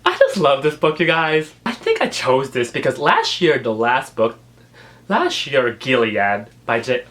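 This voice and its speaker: A man's voice: mid-range voice, big pitch swings, unhurried, fairly bright tone. A man chatting on his book vlog, gushing and emotional, filling his talk with fillers and laughing through the feeling. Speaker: book vlogger. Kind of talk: casual book review vlog.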